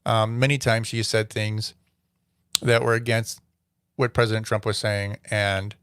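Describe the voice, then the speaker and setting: A man's voice: lowish voice, level tone, a little slow, a bit bright, smooth, dry recording, clean studio sound. A man hosting a solo commentary show, giving opinionated, rambling takes with frequent fillers. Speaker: host.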